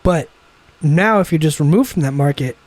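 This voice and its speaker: A young man with a fairly high voice rants his way through a casual podcast chat over beers, swearing freely and putting on quick voices for the people he quotes. The sound is dry and close, with no room around it. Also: expressive, dry recording. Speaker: podcast co-host.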